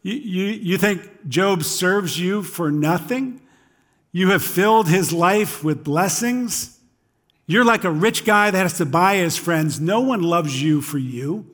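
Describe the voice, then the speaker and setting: A man's voice: sits high, lively intonation, takes it slowly, a bit bright, heavily acted. A man voicing a scoffing, cynical male Satan who stammers as he mocks, within a sermon.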